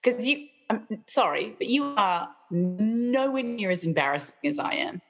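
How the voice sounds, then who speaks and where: A woman's voice: medium pitch, animated, a little slow, fairly bright tone. A woman, a school art teacher, chatting casually as a podcast guest, giggly and self-mocking. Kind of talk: casual chat.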